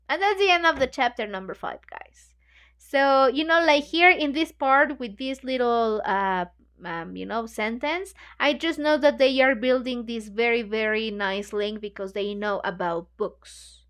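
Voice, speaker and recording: Woman, book club host, chatty retelling, lots of fillers, high voice. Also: expressive, a little slow, fairly bright tone, clear, resonant tone. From Mexico. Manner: chatty, heavy on "you know, like" fillers. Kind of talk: reading aloud and retelling a novel chapter.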